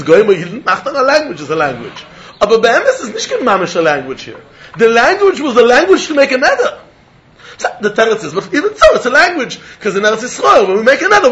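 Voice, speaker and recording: Animated high-voiced man giving a Talmud lecture. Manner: animated, mixes English with Yiddish and Hebrew terms; laughs often while explaining. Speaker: Talmud teacher. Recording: dull lo-fi recording.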